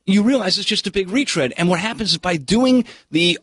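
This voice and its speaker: A male film critic talks through a movie with animated, swooping pitch and a slightly husky edge. He is blunt and sarcastic. The sound is dry and close. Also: brisk, few pauses, dry recording. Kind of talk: casual radio chat.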